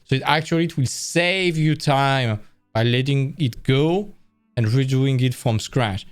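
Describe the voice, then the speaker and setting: A man's voice: mid-range voice, measured pace, clear, resonant tone, soft background music. A tired man hosting an art stream, talking casually and correcting himself as he goes. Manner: rambling, self-correcting, conversational. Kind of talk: casual live-stream talk.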